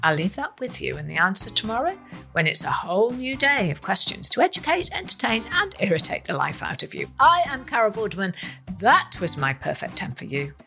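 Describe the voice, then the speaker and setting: Lively woman hosting a quiz. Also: medium pitch, brisk, vocal fry, soft background music. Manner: playful, emphatic, lively delivery. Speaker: quiz host. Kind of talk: scripted quiz podcast presenting.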